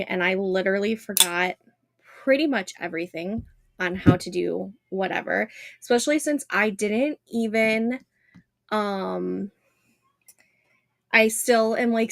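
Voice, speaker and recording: A woman's voice: mid-range voice, dry recording. A woman in her thirties hosting a casual writing livestream from home, chatting with viewers and greeting them by name.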